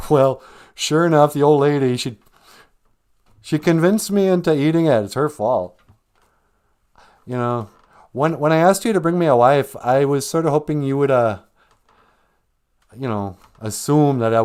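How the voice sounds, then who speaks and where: A man's voice: lowish voice, level tone, takes it slowly, few pauses, a bit bright, clear, resonant tone. A man voicing a flustered, guilty first man who makes excuses, as comic storytelling. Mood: sheepish. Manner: whiny, excuse-making.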